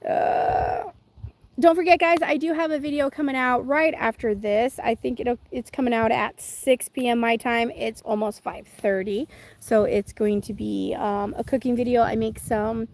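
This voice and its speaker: A woman's voice: fairly high pitch, gravelly, darkish tone. A woman hosting a casual livestream from home, chatting and rambling with viewers and reading their comments. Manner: chatty and rambling, with many fillers and self-restarts. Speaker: channel host; mother of twins. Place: at home with chickens nearby.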